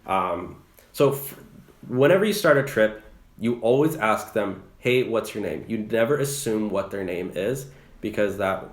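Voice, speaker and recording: A man's voice: fairly low pitch, animated, a little slow, reverberant. A young man giving casual advice about rideshare driving, chatty and loose with many fillers and restarts. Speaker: rideshare driver and channel host.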